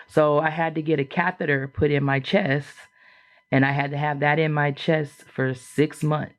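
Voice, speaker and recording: Animated woman telling a frank story. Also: moderate pace. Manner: animated, acts out quoted voices with big jumps in pitch; frank and chatty, with frequent fillers. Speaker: podcast guest. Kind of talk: casual personal storytelling.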